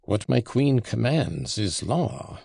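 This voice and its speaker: A man voicing a pompous, gallant foreign gentleman with stiff, formal politeness. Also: mid-range voice, very animated, slow pace, creaky, husky, no room sound, studio quality, heavily acted.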